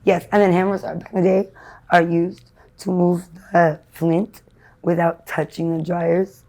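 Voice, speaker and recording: A woman's voice: lowish voice, flat delivery, unhurried, dark tone. A woman being interviewed, talking in a rambling, disjointed, free-associating way. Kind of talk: street interview.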